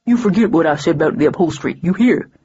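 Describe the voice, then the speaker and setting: A woman voicing a big, gruff male bridge troll who drives a cab, with a blunt, folksy way of talking, in a slightly muffled audiobook recording. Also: low voice, lively intonation, fast talker, warm tone, slight background noise. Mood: friendly.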